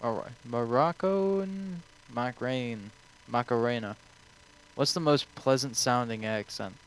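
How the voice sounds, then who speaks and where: A man's voice: medium pitch, unhurried, low-quality recording. A young man streaming, answering viewer questions in a rambling, offhand way full of swearing. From United States.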